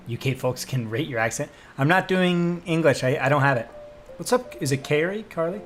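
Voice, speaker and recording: A young man hosting a casual livestream, his voice sitting a touch higher than most men's. He rambles through viewer comments with plenty of fillers and restarts, and soft music plays quietly behind him.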